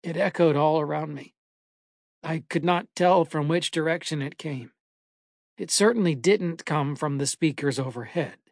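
A man reading a first-person horror story aloud in a measured, dramatic way. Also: a little high, gravelly, no room sound, clean studio sound. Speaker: narrator. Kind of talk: scripted horror story narration.

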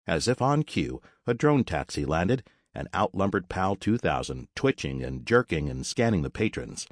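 Deep-voiced male audiobook narrator. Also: lively intonation, a little fast, no room sound, clean studio sound.

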